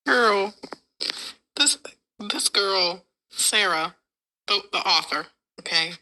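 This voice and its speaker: Bright-voiced excitable young woman. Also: mid-range voice, takes it slowly, rough recording. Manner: excitable, swears a lot, gushes over the story. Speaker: podcast co-host. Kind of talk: casual chat about a book.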